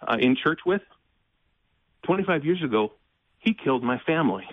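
A man speaking as a guest in an interview, earnest and measured, often pausing with fillers and restarting. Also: a little high, lively intonation, no room sound, phone-quality sound. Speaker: ministry president, guest. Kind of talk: conversational interview.

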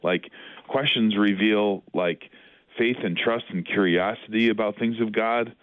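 Brief: man, very deep voice, reflective Bible-study co-host, thin phone-like line. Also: a little slow, no echo. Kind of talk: casual Bible discussion.

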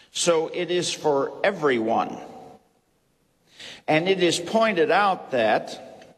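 A man preaches a Bible lesson at a very unhurried pace, laying out each point carefully and repeating key phrases. His voice carries a long reverberant tail, as if from a church hall. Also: on the high side. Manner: slow, deliberate, repeats key phrases, asks "okay?". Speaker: Bible teacher. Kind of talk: sermon.

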